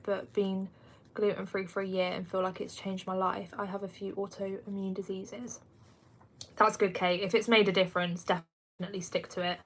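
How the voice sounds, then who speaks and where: A woman in her twenties with a Kent accent, chatting casually on a livestream and answering viewer comments with frequent laughs. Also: mid-range voice. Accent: Kent English. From England. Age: 20s. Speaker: livestream host. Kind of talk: casual live chat.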